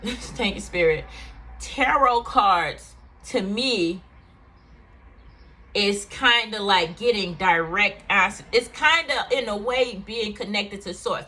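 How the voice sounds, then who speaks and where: A woman speaks straight to her viewers with a bright, forceful tone, recounting something personal. She talks candidly and emotionally, circling back with fillers as she goes. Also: mid-range voice, slow pace. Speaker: vlogger. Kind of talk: personal storytelling to camera.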